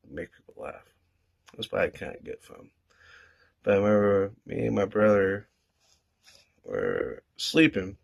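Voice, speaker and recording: A man's voice: sits low, gravelly. Rambling man from Iowa telling stories. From Iowa, USA. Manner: rambling, swears casually, drifts soft and quiet. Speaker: vlogger. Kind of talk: casual storytelling monologue.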